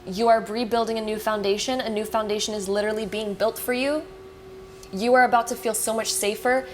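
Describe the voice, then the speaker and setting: A woman giving a casual pick-a-card tarot reading to viewers. She talks fast and with excitement, reassures them, and fills her speech with "like" and "you know.". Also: on the high side, slight background noise. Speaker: tarot reader.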